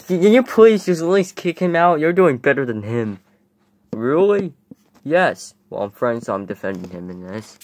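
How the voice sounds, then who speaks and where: Rowdy man for a comedy skit; swears freely, slow and bouncy, dry close sound. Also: a little high, big pitch swings, no echo. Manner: rowdy, swears a lot, exasperated yelling. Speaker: skit creator voicing characters.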